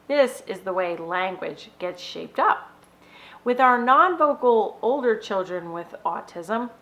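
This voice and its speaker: A middle-aged woman hosts an educational video blog in a clear, instructive voice of medium pitch. She acts out baby sounds and single words with slow, playful exaggeration. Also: a bit bright, poor audio. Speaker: behavior analyst host.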